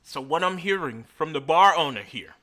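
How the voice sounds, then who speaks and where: A man's voice: a little high, animated, normal speed, sharp tone. A man co-hosting a podcast, talking in a playful, theatrical, self-mocking way. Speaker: podcast co-host. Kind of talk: casual comedic chat.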